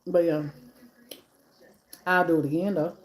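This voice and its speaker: A woman's voice: on the low side, little pitch movement, unhurried. A woman hosting a live stream in casual chat, talking between bites while she eats and piling up repeated phrases for emphasis. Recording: echoey room.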